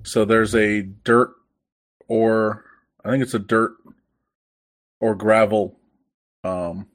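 A man's voice: on the low side, fairly even intonation, slow. A laid-back man in casual chat, talking hesitantly with fillers.

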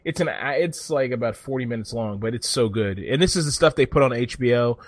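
A man's voice: mid-range voice, a little fast, no room sound. A man telling a story in casual chat, rambling and cursing freely as he goes. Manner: profane, rambling, animated storytelling.

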